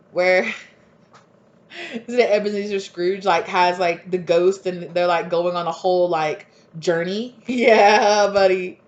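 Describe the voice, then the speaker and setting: A woman's voice: medium pitch, lo-fi sound. Chatty emphatic woman tarot reader. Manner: chatty, emphatic, lots of fillers and laughs. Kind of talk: casual tarot reading.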